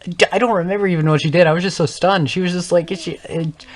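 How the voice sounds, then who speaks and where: A man's voice: sits high, fairly even intonation, quick pace. A teenage boy, a gaming channel host, telling a casual story in a rambling way, correcting himself often and laughing as he goes. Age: young teens.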